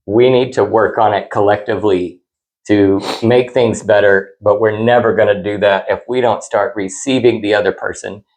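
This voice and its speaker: Earnest man with a low voice. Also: steady tone, normal speed, a little mellow, low-quality recording. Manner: earnest, heartfelt, talks in long reflective runs. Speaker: podcast co-host. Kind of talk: casual chat.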